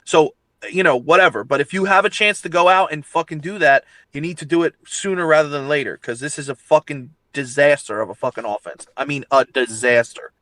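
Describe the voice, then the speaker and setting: A man's voice: a little high, brisk, sharp tone, no echo. A man hosting a sports talk show, ranting heatedly and swearing constantly about his team. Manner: profane, ranting, emphatic. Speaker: podcast host.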